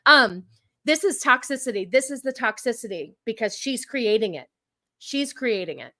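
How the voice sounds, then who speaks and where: A woman hosting a live stream, mocking the clips she plays and ranting with heavy sarcasm. Her voice sits a touch high, and the sound is dry with no room around it. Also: lively intonation, sharp tone, no echo. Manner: mocking, quick to laugh. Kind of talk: casual live-stream commentary.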